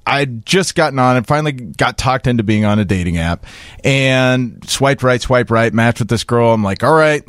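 A man hosting a casual podcast chat, telling a dating story with lively acted-out dialogue. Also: medium pitch, dry recording, clean studio sound. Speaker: podcast host.

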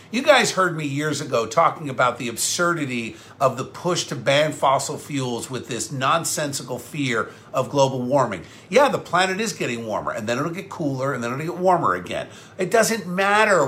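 A combative talk show host from New, his voice high and bright, rants sarcastically on a live stream. He repeats himself for punch and fires back at viewer comments, his delivery blunt and restless.

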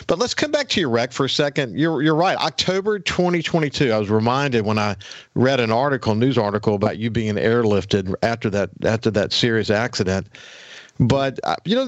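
A man's voice: mid-range voice, no room sound. A man hosting a radio interview, asking questions in an earnest, conversational way. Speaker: radio host. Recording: dry, dull radio studio recording.

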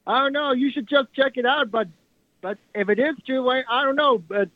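A man's voice: very high-pitched, normal speed, dry recording. A man calling in to a sports radio show, talking in a rambling, insistent way. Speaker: caller. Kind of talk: call-in radio talk. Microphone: telephone. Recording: tinny phone line.

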